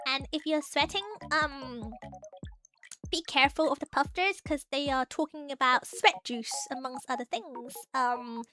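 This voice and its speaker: A woman's voice: high-pitched, unhurried, pushed and bright, faint music behind. A young woman streaming as a VTuber, chatting casually with her viewers, giggly and playfully teasing her chat.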